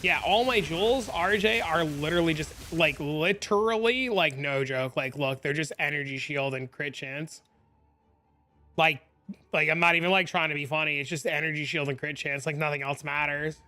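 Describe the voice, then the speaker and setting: A man's voice: a little high, moderate pace, sharp tone. A young man streaming a game, rambling in casual chat and venting with lots of "like" fillers. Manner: rambling, heavy use of "like", exasperated venting.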